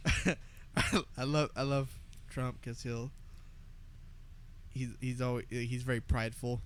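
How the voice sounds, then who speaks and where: A man's voice: mid-range voice, level tone, slow pace. A young man co-hosting a podcast, rambling and laughing with many fillers in casual chat. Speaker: podcast co-host.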